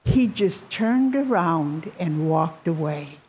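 A woman retelling a Bible story to listeners, bringing the quoted characters to life with lively shifts in her voice. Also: takes it slowly, breathy edge. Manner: animated, voices characters with rising pitch.

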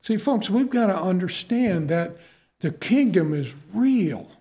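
A man's voice: sits high, expressive, unhurried, mellow. A male pastor preaching a sermon to his congregation in a folksy manner, repeating key phrases for emphasis.

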